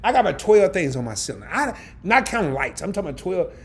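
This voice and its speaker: Animated husky-voiced man telling a story. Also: high voice, fast talker. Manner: animated, laughing, talks colloquially. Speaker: host of a travel and credit card channel. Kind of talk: casual live-stream storytelling. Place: home.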